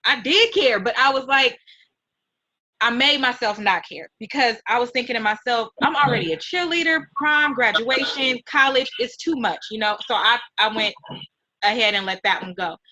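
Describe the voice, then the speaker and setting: A middle-aged woman hosting an interview, talking in a heartfelt, animated, mentoring way. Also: a little high, moderate pace, poor audio. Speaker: host and nonprofit founder. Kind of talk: emotional casual interview.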